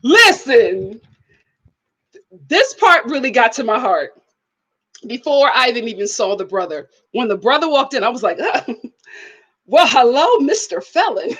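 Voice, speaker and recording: A woman's voice: on the high side, moderate pace, pauses often, husky, low-quality recording. A woman vlogger chatting casually about a reality show, laughing often and acting out quotes. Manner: animated, laughing, acts out quotes. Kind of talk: casual chat.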